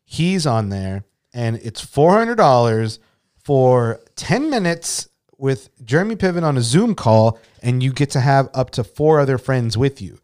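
A man co-hosting a podcast talks in a loose, rambling way, sprinkling in swear words. His voice sits at an ordinary middle pitch for a man. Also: lively intonation, a little slow, a little mellow. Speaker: podcast co-host. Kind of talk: casual chat.

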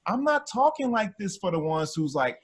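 A man who coaches spirituality, talking in a casual chat, amped and animated, laughing often. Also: high voice, moderate pace, slightly rough. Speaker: spiritual coach and former actor.

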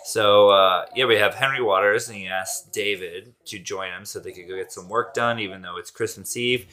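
A man's voice: lowish voice, fairly even intonation, normal speed, pushed and bright. A man co-hosting a casual movie review podcast, recapping the plot loosely with swearing and laughter. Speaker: podcast co-host.

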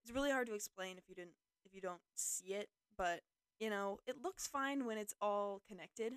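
A young woman talks through her podcast in a loose, rambling way, full of fillers and jokes at her own expense. Her voice is smooth and clear, recorded close and dry with no room sound. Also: medium pitch, moderate pace, fairly bright tone, no room sound. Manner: rambling, self-deprecating, filler-heavy. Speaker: podcast host. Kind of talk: casual solo podcast talk.

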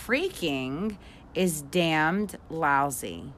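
A woman's voice: deep voice, animated, unhurried, background noise. A woman co-hosting a casual chat podcast, giggly and playful as she reads slang definitions aloud. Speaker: podcast co-host.

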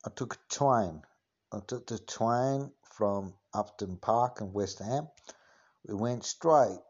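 A swaggering, foul-mouthed cockney geezer, as a man puts him on for a comedy podcast. His voice sits low and mellow, and he rambles through endless filler phrases. The recording sounds dull and lo-fi. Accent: Cockney, put on. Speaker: podcast host. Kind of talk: comic impression monologue.

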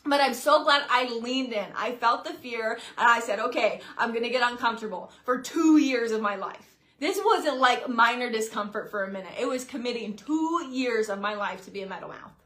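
A woman in her late twenties speaks straight to her followers in a loose, chatty way. Her voice is bright and forward, sitting a little high for a woman, and she slips into quick acted-out lines of what she once thought. The feel is a relaxed personal vlog. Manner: chatty and expressive, acts out her own past reactions. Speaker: social media creator. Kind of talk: casual talking-to-camera vlog.

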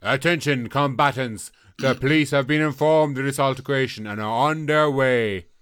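A man reading the part of a pub landlord who calls his customers chaps and lads and makes flat, machine-like announcements. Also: medium pitch, moderate pace, clean tone, close to an everyday voice. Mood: gruff. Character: gruff male landlord who acts like a machine.

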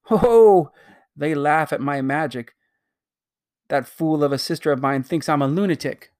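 A man's voice: on the high side, moderate pace, darkish tone, close to an everyday voice. A reader voicing a pompous, greedy man past sixty who gloats and schemes aloud in a storybook. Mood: gloating. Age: 60s.

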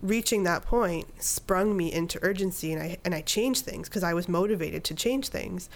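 A woman's voice: lowish voice, normal speed. A woman in her thirties, a podcast guest, telling a personal story in casual conversation and acting out her own inner dialogue.

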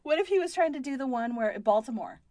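Giggly lively woman podcaster. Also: high voice, fast. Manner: giggly, animated, swearing freely. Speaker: podcast co-host. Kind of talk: casual chat.

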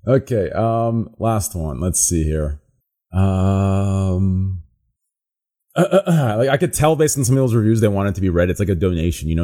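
A man with a low, mellow voice reads listener reviews on a podcast. He talks in a relaxed, rambling way, often repeats words and swears casually. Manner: laid-back, trails off and repeats words, swears when amused.

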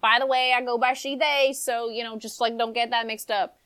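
Woman doing a fast-chattering, distractible apothecary. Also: on the high side, fairly even intonation, fairly bright tone, smooth, voice pushed up, close to an everyday voice. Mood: breezy.

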